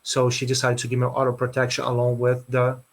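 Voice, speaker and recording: A man recounting a painful family court story as an interview guest, speaking earnestly, often pausing on "okay". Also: medium pitch, completely flat delivery.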